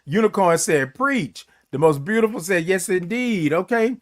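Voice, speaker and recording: A playful, flamboyant man hosts a morning livestream, his voice sitting high for a man. He chats loosely with viewers and drags his greetings out long. The sound is close and dry, with no room echo. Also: expressive, moderate pace. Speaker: host of a morning livestream show. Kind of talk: casual livestream chat reading viewer comments.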